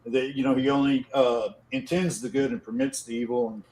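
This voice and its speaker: A man giving closing thoughts as co-host of a podcast, measured and full of fillers. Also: mid-range voice, fairly even intonation, darkish tone, slight background noise, rough recording.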